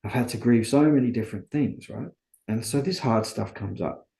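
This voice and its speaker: Gravelly low-voiced man in a roomy space. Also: moderate pace, warm tone. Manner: earnest, reflective, often asks and answers his own questions. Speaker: interview guest. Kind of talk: candid conversational storytelling.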